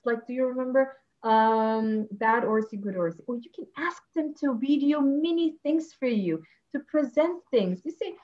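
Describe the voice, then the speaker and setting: A woman gives an animated webinar presentation, her voice pitched high and full of feeling. She addresses her audience warmly and takes questions. The sound comes through a computer mic and is dull and lo-fi. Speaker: teacher trainer presenting at an online education conference.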